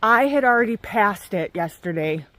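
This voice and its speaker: A woman thru-hiker vlogging outdoors on a mountain trail into a handheld camera, a chatty, animated storyteller. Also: medium pitch, moderate pace. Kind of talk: casual trail vlog.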